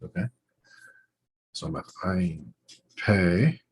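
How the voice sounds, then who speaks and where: A man's voice: sits low, takes it slowly, a little hiss or hum, poor audio. A man teaching a lesson on writing letters, talking through each stroke as he draws it, in short trailing phrases. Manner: thinking aloud while drawing letters, short trailing phrases. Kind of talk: relaxed instructional demonstration.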